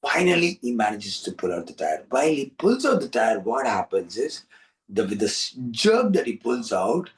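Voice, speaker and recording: A man with a fairly low voice hosts a story session, animated and coaxing. He repeats himself as he leads young listeners along. The mic sits some distance from him. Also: normal speed. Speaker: storyteller and host.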